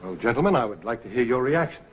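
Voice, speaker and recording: A man's voice: medium pitch, big pitch swings, fast talker, slight background noise, close to an everyday voice. An actor playing an impassioned newspaper publisher warning his colleagues, oratorical, in 1940s film acting on dull lo-fi old film sound. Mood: urgent. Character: impassioned anti-Nazi newspaper publisher, middle-aged man.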